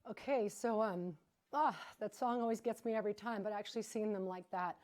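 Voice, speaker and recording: A woman hosting a live fundraising broadcast with an energetic, emphatic delivery. She talks off the cuff in a chatty way, at a mid-range pitch. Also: brisk, soft background music. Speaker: fundraising gala host.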